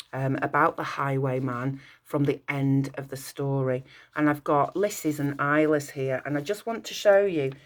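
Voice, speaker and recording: A woman's voice: sits low, a little mellow. A woman teacher leading a school assembly, encouraging and praising pupils' work, slipping in short French phrases. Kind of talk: recorded school assembly address.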